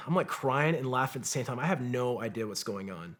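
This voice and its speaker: A man's voice: medium pitch, lively intonation, fast talker, hardly any pauses, fairly bright tone. A combat veteran, a man, telling his war story as a podcast guest, swearing freely and acting out what others said. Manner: profane, vivid war storytelling; acts out quotes of others. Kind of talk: storytelling in conversation.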